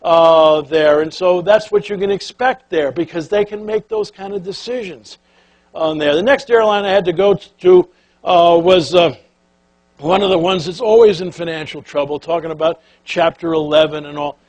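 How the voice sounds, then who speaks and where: Older man with a high, animated voice. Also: normal speed. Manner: animated, folksy, acts out quotes and quacking sounds. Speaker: keynote speaker. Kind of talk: storytelling speech to an audience.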